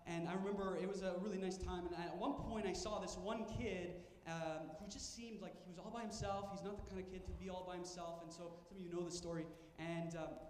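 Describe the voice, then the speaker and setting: Pastor, male, high voice, emphatic storyteller, long church-hall reverb. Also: a little mellow. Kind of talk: sermon. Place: church sanctuary. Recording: echoey church hall with faint ambience.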